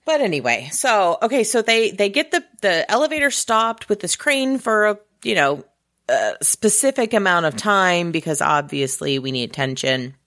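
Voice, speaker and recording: A woman's voice: medium pitch, sing-song, moderate pace, a bit bright, no echo, studio quality. A young woman co-hosting a casual movie recap, sarcastic and swearing, acting out lines from the film. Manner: sarcastic, swears, acts out quotes in voices. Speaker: podcast co-host.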